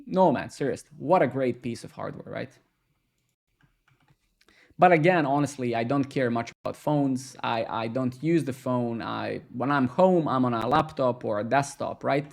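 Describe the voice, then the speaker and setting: A man streaming live coding from his home desk, talking casually and profanely to chat, quick and excitable with lots of "man" and "bro". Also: medium pitch, gravelly. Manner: profane, ranting and joking with chat.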